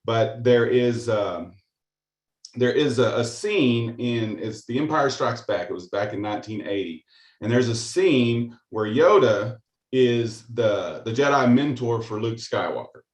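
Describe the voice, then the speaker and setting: A man's voice: medium pitch, a little slow. Hesitant middle-aged man, echoey room. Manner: hesitant, many fillers and restarts. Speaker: call participant. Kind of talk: casual storytelling.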